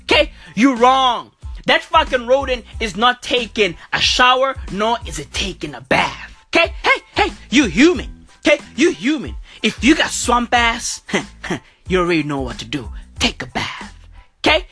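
A woman rants in a comic monologue full of swearing, tagging lines with bruv and okay. Her voice bounces around with lively pitch and sits a little high. The tone is bright, with a husky edge. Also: moderate pace, faint music behind. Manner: profane, repeating bruv and okay. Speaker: comedian vlogger. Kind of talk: profane comic rant.

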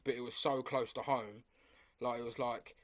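Bloke chatting on a podcast, rambles a lot, keeps saying mate, ordinary mid voice. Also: male voice, mid-range voice, steady tone, moderate pace. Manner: rambling, repeats himself, calls listener mate. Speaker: guest. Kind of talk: casual podcast conversation.

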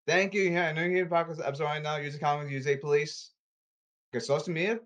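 A man hosting a solo podcast, ranting with exasperation and repeating himself, his pitch leaping and his loudness swinging. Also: brisk, muffled recording. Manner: animated, erratic pitch leaps and volume swings. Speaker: podcast host.

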